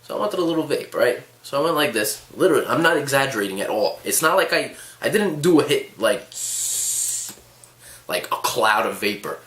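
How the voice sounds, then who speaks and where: A man who tells stories to the camera casually, with animated, sarcastic asides. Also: mid-range voice, brisk. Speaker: vlogger. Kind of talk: casual storytelling. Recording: echoey room.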